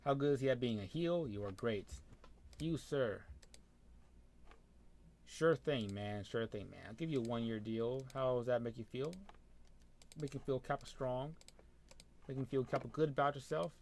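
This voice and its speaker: A young man plays a wrestling management game, muttering and thinking aloud in casual let's-play commentary and addressing the characters on screen. His voice is medium-pitched and darkish at a moderate pace, with a little hiss or hum.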